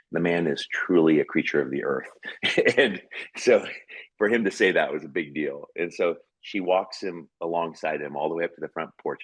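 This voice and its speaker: Very deep, husky-voiced man telling a story. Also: no echo, low-quality recording. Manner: earnest, rambling with frequent "like" fillers. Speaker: podcast guest. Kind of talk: personal storytelling in conversation.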